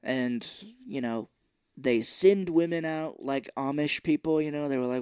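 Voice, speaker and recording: A man's voice: medium pitch, normal speed, clean tone, no echo, studio quality. Man animatedly recapping a movie. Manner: animated storytelling, acts out scenes. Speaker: podcast co-host. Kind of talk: casual movie recap chat.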